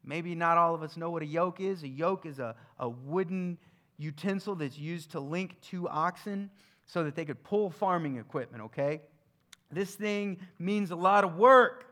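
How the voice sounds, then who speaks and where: Conversational male preacher, higher voice. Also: moderate pace. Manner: conversational, swings between emphatic and hushed. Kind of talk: sermon.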